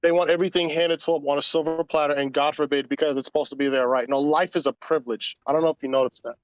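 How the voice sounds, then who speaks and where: A man's voice: on the high side, fairly even intonation, fast talker, no echo, muffled recording. A man hosting a casual podcast, ranting in a crude, rambling way and slipping into voices. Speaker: podcast host. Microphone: voice call.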